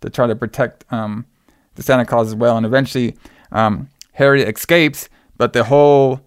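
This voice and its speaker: A man in a casual podcast chat, walking through a film's plot in a loose, rambling way that is thick with filler words. His voice sits at an ordinary middle pitch. The recording is close and dry, with no room sound. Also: steady tone, normal speed, clear, resonant tone, no echo. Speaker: podcast co-host. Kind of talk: casual film recap.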